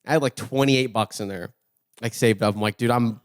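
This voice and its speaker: A man's voice: on the low side, brisk. A young man co-hosting a podcast, telling a story in casual chat, swearing often and laughing as he goes. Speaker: podcast co-host.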